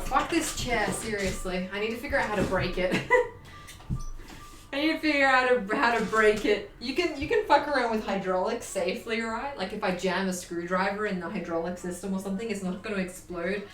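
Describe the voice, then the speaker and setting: A woman's voice: medium pitch, a bit bright. A young woman chatting casually on a live stream, bubbly and chatty, swearing freely. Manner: bubbly, chatty, swears casually, baby-talks to her dog. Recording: echoey room, mic at a distance.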